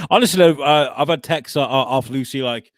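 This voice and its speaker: A man's voice: a little high, lively intonation, measured pace, no room sound, clean studio sound. A young man hosting a comedy podcast, bantering casually, swearing freely and laughing often.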